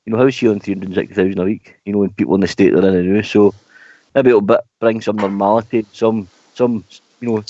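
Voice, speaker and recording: A man's voice: fairly low pitch, fairly even intonation, fast, warm tone. A man calling into a radio show, giving strong opinions and saying mate often. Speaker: caller. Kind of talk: casual radio phone-in chat. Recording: dry lo-fi phone-in audio.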